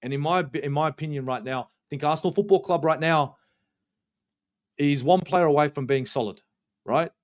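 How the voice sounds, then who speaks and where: A man with an Australian accent and a voice pitched a little above the usual male range. He hosts a fan match review in a heated, ranting way, cursing freely and hammering points home by saying them twice. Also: normal speed. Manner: ranting, swears a lot, repeats himself for emphasis. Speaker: football channel host.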